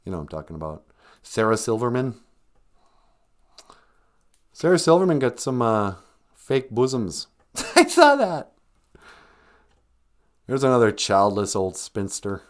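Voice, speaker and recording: A man's voice: lowish voice, expressive, normal speed, long pauses. A man hosting a comedy podcast, rambling sarcastically with mumbled asides. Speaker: podcast host.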